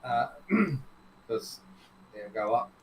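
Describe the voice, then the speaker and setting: A man's voice: medium pitch, very animated, drawn-out words, a little hiss or hum, low-quality recording. A man chatting casually as a co-host, laid-back and dry. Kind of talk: casual chat.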